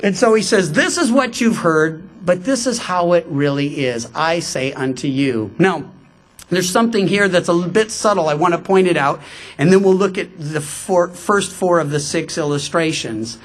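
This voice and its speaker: A man preaching a radio sermon in a conversational, emphatic way, slowing down for quoted scripture. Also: high voice. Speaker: pastor.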